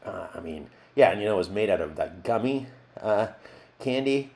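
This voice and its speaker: A man's voice: on the low side, lively intonation, moderate pace, gravelly, a little mellow. A man playing a washed-up male jackalope actor who rambles loosely and keeps drifting off topic in a mock documentary interview. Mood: rambling. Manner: rambling, loopy, easily sidetracked.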